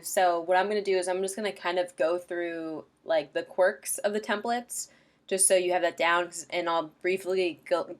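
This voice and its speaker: A woman casually walking a client through website templates in a screen-share tutorial, chatty and loose with lots of ums and likes. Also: on the low side.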